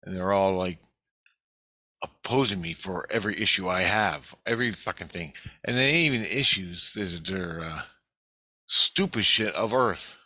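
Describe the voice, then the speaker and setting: A man's voice: sits low, normal speed, sharp tone, no echo. A man talking casually and at length, recounting a dream in a profane, rambling, emphatic way.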